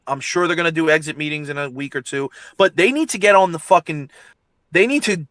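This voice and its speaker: A man's voice: a little high, fairly bright tone, dry recording. A man hosting a sports talk show, ranting heatedly and swearing constantly about his team. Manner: profane, ranting, emphatic. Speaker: podcast host.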